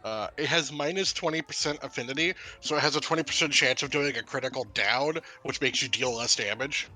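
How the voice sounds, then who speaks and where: A man with a bright, sharp voice chatting casually during a game with friends. He explains the game's details in a knowledgeable way, with faint game music behind him. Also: mid-range voice, brisk. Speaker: co-player. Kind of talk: casual gaming chat.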